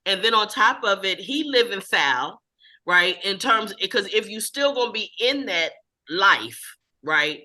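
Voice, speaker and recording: A support group facilitator speaking in a calm, reflective and affirming way. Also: medium pitch, a little slow.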